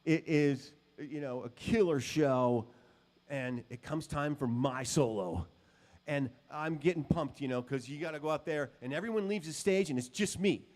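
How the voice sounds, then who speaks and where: A man's voice: fairly high pitch, moderate pace, a little mellow. A man giving a guitar clinic in a music store, telling stories to a live audience in a casual, rambling way. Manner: casual and rambling, with many "um" and "you know". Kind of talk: storytelling talk to a live audience.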